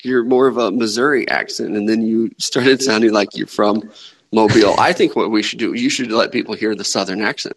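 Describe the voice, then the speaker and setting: A man's voice: fairly low pitch, fairly quick, low-quality recording. A man hosting a sports podcast, chatting casually and joking around with his co-host. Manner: joking, rambling banter.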